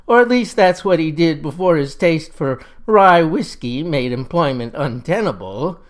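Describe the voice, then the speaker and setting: A man's voice: a little high, expressive, unhurried. A grandiloquent old Mississippi farmer, as a man puts him on, talking. He lays out his views in mock-genteel, rambling sentences, in the manner of a satirical comic monologue. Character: folksy older male Mississippi farmer, pompous crank.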